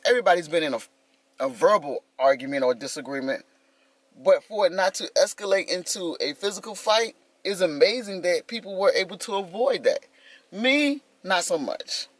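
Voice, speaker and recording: A woman's voice: lowish voice, fairly bright tone, no echo. A woman in her fifties talking casually to her vlog viewers, telling a story with lots of animation and calling them y'all. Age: 50s. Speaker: vlogger.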